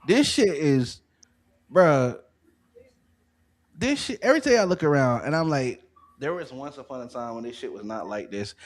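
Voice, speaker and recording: A man's voice: mid-range voice, big pitch swings, normal speed, pauses often. A man co-hosting a podcast in casual chat, ranting emphatically with rising rhetorical questions. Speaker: podcast co-host.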